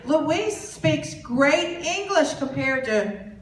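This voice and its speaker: A woman with a slightly higher voice tells a story to a crowd. She acts out the conversations in quoted voices. The sound comes from a distant mic in an echoey hall, with a faint noise underneath. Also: animated, drawn-out words. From Southern US. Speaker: speaker at a business boot camp. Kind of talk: storytelling presentation to an audience.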